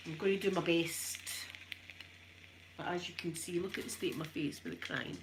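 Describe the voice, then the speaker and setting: A woman's voice: lowish voice, heavy background noise. A Scottish woman hosting a chatty live stream while ironing, emotional and tearful, greeting her viewers by name.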